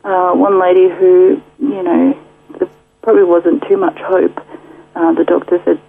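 A woman's voice: lowish voice, level tone, measured pace, vocal fry, breathy edge. A woman casually telling her faith story as a radio guest, chatty, full of fillers, with frequent laughs. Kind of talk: casual testimony. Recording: muffled phone line.

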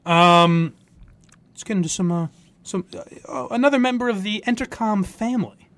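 In a casual podcast chat, the male host spins animated stories and imitates their characters with mock voices. His pitch sits high, his speed is normal, and the audio carries no echo.

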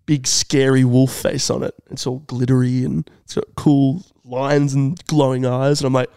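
A young man telling a comedic story on a podcast in an animated, drawn-out way. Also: mid-range voice, vocal fry, clean tone, dry recording. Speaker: podcast co-host.

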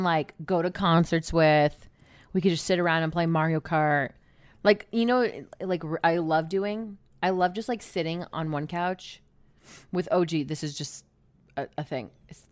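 Blunt, lower-voiced young woman co-host. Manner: candid and blunt, with frequent likes, jumping in playfully. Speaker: podcast co-host. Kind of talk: casual chat.

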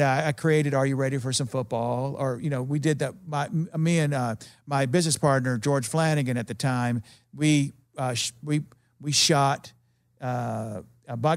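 Animated man telling stories. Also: medium pitch, dry recording, studio quality. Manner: animated, rambling anecdotes with quoted voices. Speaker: TV executive producer, guest. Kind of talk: casual interview storytelling.

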